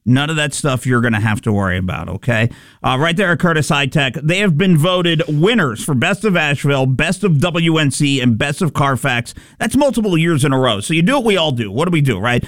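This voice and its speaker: A man's voice: on the high side, animated, a little fast, no room sound. A man co-hosting a morning radio show in a studio, blunt and emphatic. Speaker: radio co-host.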